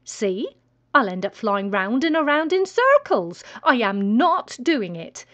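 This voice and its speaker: A woman's voice: a little high, big pitch swings, takes it slowly, a bit bright, full character voice. A woman voicing a stubborn, dramatic female chicken in a storybook reading. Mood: indignant. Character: fussy plump female hen, dramatic and stubborn.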